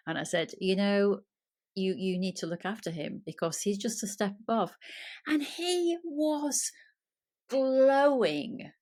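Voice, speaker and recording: A middle-aged woman hosting a casual interview, chatty and lively, acting out dialogue as she tells stories. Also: mid-range voice, normal speed. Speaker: podcast host.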